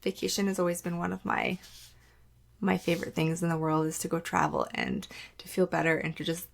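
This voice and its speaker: A woman hosting a solo podcast, her voice pitched a little low with a gravelly fry running through it. She talks candidly and casually, peppering her sentences with "like" and acting out her own past remarks. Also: animated, brisk. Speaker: podcast host.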